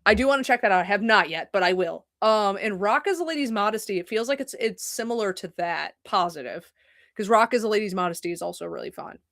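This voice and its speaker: A woman's voice: medium pitch, fast talker, dry recording, studio quality. Chatty, profane young woman streamer. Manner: rambling, profane and animated. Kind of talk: casual chat. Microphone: desk mic at a computer.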